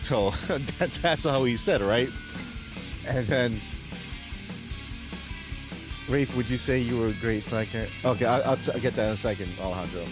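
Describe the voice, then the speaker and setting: Male streamer, mid pitch, loose rambling chat with viewers, quick to laugh. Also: music in the background. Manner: rambling, chuckles often, retells jokes. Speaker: live streamer reading chat. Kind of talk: casual late-night stream chat.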